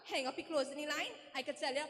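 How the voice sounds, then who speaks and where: A woman's voice: high voice, fast, a bit bright, a little hiss or hum. A woman acting as a boastful, nosy older village gossip in a stage comedy skit, chatty and rambling, with a Trinidadian accent. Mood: gossipy. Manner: chatty, rambling, dialect-heavy. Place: live stage in a hall. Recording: reverberant hall stage.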